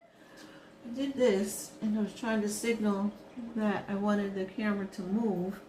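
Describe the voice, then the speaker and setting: A woman's voice: medium pitch, a little slow, slight background noise. Chatty Brooklyn woman in an echoey room. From Brooklyn, New York. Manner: chatty, reminiscing, rises to animated scolding. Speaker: craft vlogger. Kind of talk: casual monologue while crafting.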